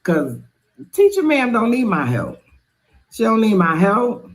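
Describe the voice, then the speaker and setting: A woman's voice: a little high, big pitch swings, unhurried. A woman replying in a social media video, drawling and mocking.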